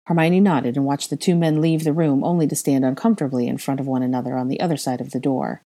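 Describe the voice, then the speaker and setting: A woman narrating a fan fiction story in a calm, even storytelling manner. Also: extremely low pitch, quick pace, hardly any pauses. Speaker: reader.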